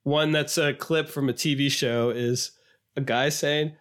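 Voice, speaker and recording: A man co-hosting a podcast in casual chat, animated and sometimes quoting clips in a higher put-on voice. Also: unhurried. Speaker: podcast co-host.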